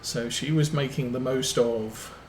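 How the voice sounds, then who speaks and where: Streaming a farming game, a man chats slowly and unhurriedly, drifting from one anecdote to the next with plenty of ums. His ordinary-pitched voice keeps a steady tone, and the room sounds roomy and echoey with a faint hiss underneath.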